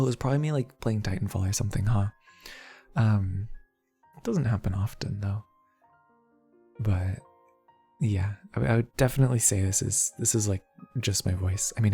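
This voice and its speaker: A soft-spoken young man chatting casually on an ASMR stream, playful and rambling, laughing often. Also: lowish voice, slightly rough. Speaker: VTuber streamer.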